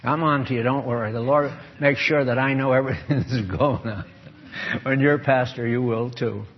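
A man's voice: medium pitch, normal speed, slightly rough. An older man preaching a sermon as pastor, folksy and emphatic, with a dull lo-fi recording. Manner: folksy, emphatic, shifts into mock voices and prayer.

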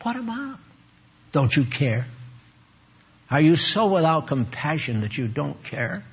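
Male preacher, slow husky delivery, teases the congregation by name; muffled lo-fi recording. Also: on the high side. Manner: animated, teasing, calls on listeners by name. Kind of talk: sermon to a small group.

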